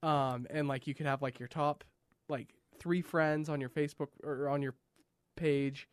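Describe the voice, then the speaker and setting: A man's voice: a little high, steady tone, normal speed, clear, resonant tone, no echo, clean studio sound. A man in his thirties co-hosting a podcast, chatting enthusiastically with plenty of fillers. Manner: chatty and enthusiastic, lots of likes. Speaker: podcast co-host. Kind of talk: casual podcast chat. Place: studio.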